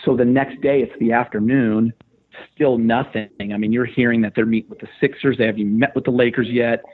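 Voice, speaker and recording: A man, a sports radio host, retelling a story in casual podcast talk, getting animated and loud as he goes. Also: fairly quick, slightly rough. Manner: excited, animated retelling with rising pitch. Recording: tinny phone line.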